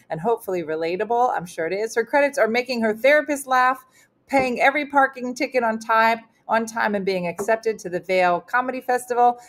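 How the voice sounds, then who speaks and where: Middle-aged lady host rambling through a story on a video call, lots of ums. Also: fairly high pitch. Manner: chatty storyteller with many fillers. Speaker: comedian and show host. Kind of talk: casual live-stream chat.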